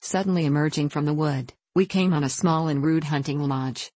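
Woman audiobook narrator, low voice, dry close sound, measured storytelling. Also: mellow, no echo. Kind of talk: scripted narration of a classic novel.

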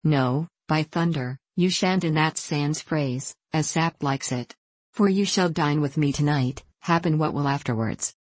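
A woman's voice: deep voice, unhurried, no room sound. A woman reading the lines of a jovial, merry young king in a hearty, laughing manner.

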